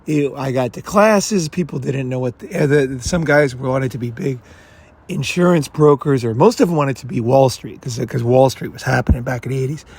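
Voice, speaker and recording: A man's voice: mid-range voice, normal speed, darkish tone, husky. An American man in his fifties, telling a rambling, profane story in a casual monologue. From United States. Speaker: channel host.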